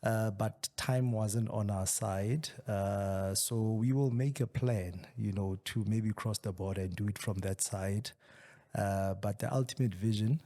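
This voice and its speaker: A man's voice: fairly low pitch, mellow. A man hosting a podcast interview, talking casually with frequent hesitant fillers. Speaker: podcast host.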